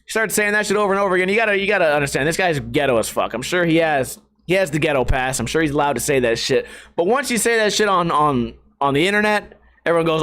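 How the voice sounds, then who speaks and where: A man hosting a casual solo podcast, talking in a brash, profane and excitable way. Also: fairly high pitch, fast talker, slight background noise. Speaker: podcast host.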